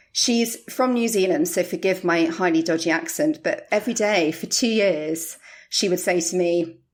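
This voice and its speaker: A middle-aged woman, a podcast guest, candidly telling her career story with animated quoted voices. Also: fairly low pitch. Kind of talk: interview storytelling.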